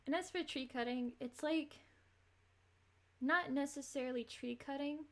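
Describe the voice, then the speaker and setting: A woman streaming a game and chatting along in a loose, rambling way, often breaking into little laughs. Her voice sits a bit on the high side. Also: a little slow, fairly bright tone. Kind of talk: casual gameplay commentary.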